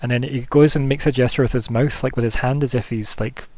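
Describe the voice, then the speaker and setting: A man's voice: medium pitch, fairly even intonation, fast talker, a little mellow, no echo. A man narrating as game master, describing scenes loosely with many fillers.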